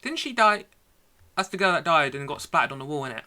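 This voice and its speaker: A woman's voice: low voice, animated, fast, bright, forceful tone. A woman streaming a horror game, chatty and sarcastic in casual commentary. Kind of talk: casual let's-play commentary. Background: game music.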